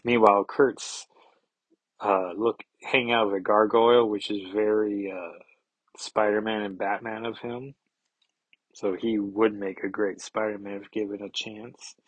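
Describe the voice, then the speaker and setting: A man's voice: lowish voice, level tone, a little slow, no room sound, low-quality recording. A man hosting a podcast, casually recapping a comic book with wry, chatty asides. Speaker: podcast host.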